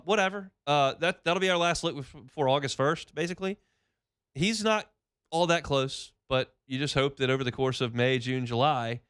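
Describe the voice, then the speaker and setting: A man's voice: mid-range voice, a bit bright, smooth, no echo, clean studio sound. A man hosting a sports radio show, talking casually with wry, self-mocking asides.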